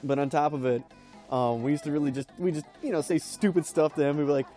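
Rambling laid-back gamer guy, mellow voice. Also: on the high side, steady tone, quick pace, faint music behind. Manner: rambling, laughing storyteller with many fillers. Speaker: let's play host. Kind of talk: casual gameplay commentary.

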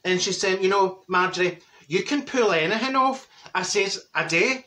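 A brash, gossiping older Glasgow woman, played by a man, chatters in a broad Glaswegian accent. Her voice sits high and sounds bright and cutting. She cackles and mimics her neighbours in a comic character monologue. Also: animated, moderate pace. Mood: gossipy. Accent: Glaswegian Scottish.

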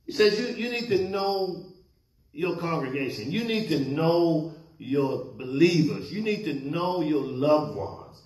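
A man's voice: fairly high pitch, expressive, unhurried, darkish tone. A male pastor preaching a sermon, questioning his congregation and waiting for answers. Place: church sanctuary. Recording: echoey church hall.

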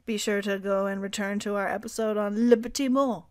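A woman's voice: mid-range voice, fairly even intonation, fairly quick, no room sound, studio quality. A woman co-hosting a history podcast, reading research aloud and joking in wry asides. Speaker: podcast co-host.

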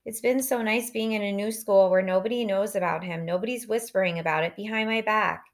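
A woman's voice: medium pitch, fairly even intonation, brisk, close to an everyday voice. A woman reading an audiobook, voicing a tearful, upset teenage girl who is crying. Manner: upset, sobbing. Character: teenage girl, emotional, tearful older sister.

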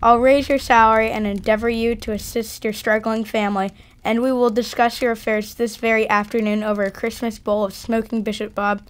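An overjoyed old miser turned generous, given voice by a woman reading aloud. He talks in eager bursts with warm exclamations, higher than most readers. It comes across as a heartfelt storybook reading. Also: level tone, a little fast, few pauses, clean tone, lightly acted. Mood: hearty. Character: old male miser, newly joyful and generous. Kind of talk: dramatic reading at a church event.

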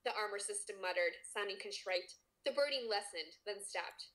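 A woman's voice: mid-range voice, normal speed, a bit bright, poor audio. A woman co-hosting a podcast, reading erotic fiction aloud expressively and teasing her co-host between passages. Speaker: podcast co-host and story reader.

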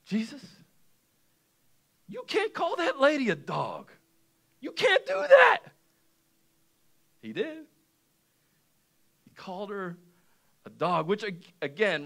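A young man delivers a sermon from the pulpit, his voice bright and a touch higher than most. He speaks slowly and dramatically, letting some lines fall almost to a murmur and shouting others. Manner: animated storytelling, swings between quiet and shouting. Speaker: pastor. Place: church sanctuary.

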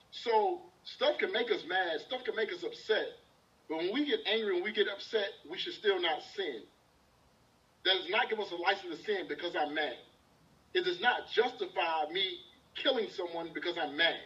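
A man's voice: high voice, moderate pace, sharp tone. A man preaching a sermon, quoting scripture and asking the congregation call-and-response questions. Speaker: minister. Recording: distant dull lo-fi service recording.

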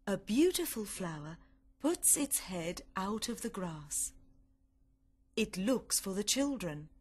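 Woman reading a kids story for learners, real slow and clear, voice moves up and down a lot. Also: medium pitch. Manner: clear, deliberate and expressive.

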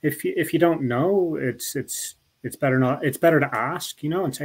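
A man's voice: medium pitch, moderate pace, few pauses, husky, poor audio. A middle-aged man with a Northern Irish accent, a guest talking in a casual interview, rambling with many restarts and asides. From Northern Ireland.

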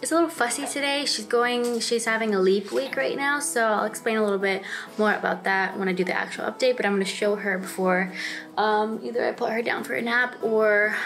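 A woman's voice: on the high side, vocal fry, fairly bright tone. A young woman vlogging casually at home in her apartment, chatty and bubbly, laughing often as she talks to the camera. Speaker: vlogger and new mom.

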